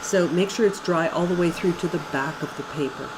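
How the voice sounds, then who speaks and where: Middle-aged woman, art teacher demoing watercolor, low-ish voice, easygoing and chatty, light room noise. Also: fairly quick. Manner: relaxed and chatty, thinks aloud with fillers. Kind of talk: casual painting demonstration.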